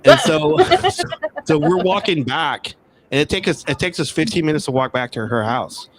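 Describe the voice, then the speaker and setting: A man's voice: a little high, animated, brisk, a bit bright, a little hiss or hum. A man from Texas, a guest on a remote call, telling a story casually, with many restarts and repeated words.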